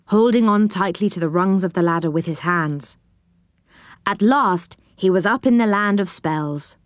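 A woman reading a children's storybook aloud in a gentle, measured way. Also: medium pitch, no echo, clean studio sound. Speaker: narrator.

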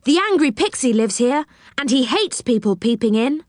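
Woman reader as a knowing storybook boy who explains things, slightly high and lively in tone. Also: moderate pace, dry recording, studio quality. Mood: explaining. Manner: explaining, warning. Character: knowing, helpful young boy guide. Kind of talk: storybook reading.

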